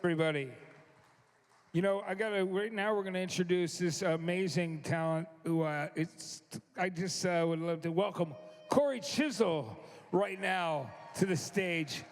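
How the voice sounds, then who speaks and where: A male host introducing a guest performer on a live stage, halting and filler-heavy but eager. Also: high-pitched. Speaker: show host. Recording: long hall reverb.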